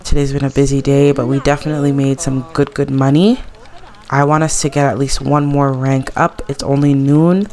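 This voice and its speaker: A woman's voice: very deep voice, flat delivery, normal speed, mellow. A woman hosting a casual let's play, chatting gossipy commentary over her game and laughing often.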